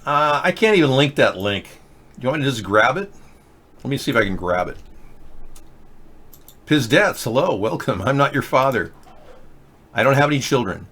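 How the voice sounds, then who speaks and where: A man's voice: medium pitch, expressive, moderate pace, long pauses, fairly bright tone. Sarcastic rambling livestream host, a man. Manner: sarcastic, rambling, reads comments and tweets aloud. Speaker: livestream political show host. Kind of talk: casual live chat reading viewer comments.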